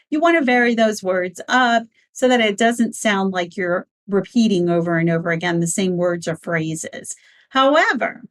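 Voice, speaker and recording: Brief: woman speaking coach, clear and emphatic, mid pitch, instructional delivery. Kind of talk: instructional talk on speechwriting.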